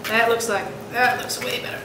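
A woman's voice: a little high, steady tone, normal speed. A young woman vlogger talking herself through a task in a chatty, casual way. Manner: chatty, self-coaching while working. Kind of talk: casual how-to vlog. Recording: echoey room with background noise.

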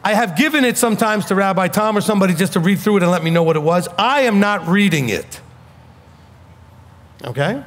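A rabbi with a New York accent delivers a blunt, emphatic sermon. His voice sits high and swings widely up and down as he presses his points. It rings with the long reverb of a hall. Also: lively intonation, a little fast, a bit bright.

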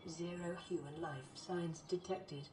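A woman voicing the calm female computer voice of a survival device, giving flat, clipped announcements. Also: on the low side, measured pace, echoey room, a little hiss or hum, close to an everyday voice, rough recording. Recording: game audio with music behind.

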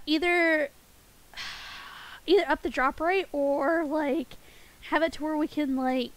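A woman's voice: high-pitched, rough recording. A woman streaming a game and chatting playfully with her viewers, giggling often. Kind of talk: casual game stream chat with chat.

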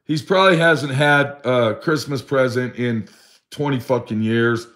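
A man's voice: mid-range voice, measured pace, a bit bright. A middle-aged man telling a sad personal story in a rambling, profane way. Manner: profane, rambling, acts out his friend's voice in quotes. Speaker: vlogger telling a story about a friend.

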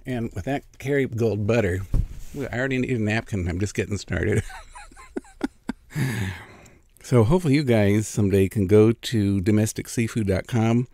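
A man's voice: on the low side, warm tone, dry recording. A middle-aged man from California chatting casually as a food vlogger, savoring each bite between remarks. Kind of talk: casual mukbang eating vlog.

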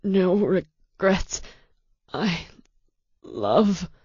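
A woman reading an audiobook voices a badly wounded man struggling to stay conscious, speaking in weak, breathless, halting words. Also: fairly low pitch, animated, a little mellow, no room sound, lo-fi sound, full character voice. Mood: weak, strained. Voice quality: husky and gravelly.

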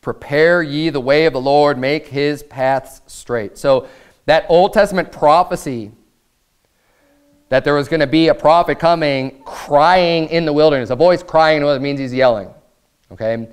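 A man delivering a sermon from a church pulpit, his voice pitched a little high and notably smooth and resonant. He reads scripture in an even, deliberate cadence, then rises into loud, fervent preaching. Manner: fervent preaching that swells into raised, emphatic passages. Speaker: pastor. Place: church sanctuary.

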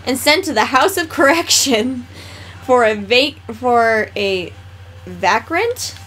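A woman chatting casually beside a friend's gameplay, reading aloud haltingly and stumbling over words. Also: fairly high pitch, lively intonation, fairly bright tone, slight background noise. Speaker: game co-host. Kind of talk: casual chat.

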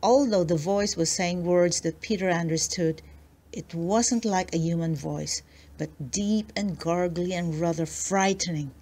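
A woman narrating a children's storybook aloud, slow and expressive. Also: fairly low pitch. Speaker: storybook reader.

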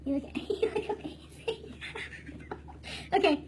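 A woman's voice: very high-pitched, measured pace, darkish tone, a little hiss or hum. A young adult woman vlogger giggling her way through a casual makeup tutorial.

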